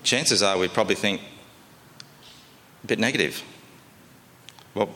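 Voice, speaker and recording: A man's voice: on the low side, unhurried, sharp tone, in a large hall. A man preaching a sermon in a conversational, folksy way, often asking his listeners questions.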